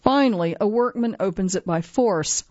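A woman giving a scripted narration of a magazine article, reading in a measured way and slowing down for dramatic moments. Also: medium pitch, animated, darkish tone, no echo. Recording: dry, slightly dull lo-fi sound.

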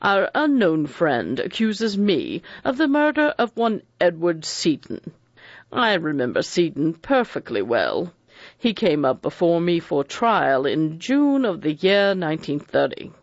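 A man's voice: on the high side, sing-song, no echo, dull audio. A man doing a precise, cold old judge. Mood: cold, deliberate. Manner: measured, picks words with care.

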